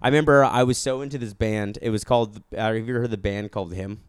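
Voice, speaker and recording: A man's voice: on the low side, rapid-fire, clean tone, no room sound, clean studio sound. A man in his twenties, co-hosting a podcast, telling loose, profane stories in casual chat. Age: 20s. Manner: loose, profane, animated storytelling. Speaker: podcast co-host.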